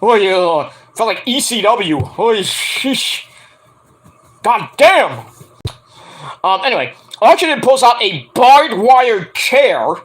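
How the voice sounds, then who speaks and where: A man's voice: high-pitched, takes it slowly, rough recording. A man giving a casual, profane wrestling recap, acting out quotes with lots of ums. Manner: animated, acts out quotes, frequent ums. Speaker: wrestling reviewer.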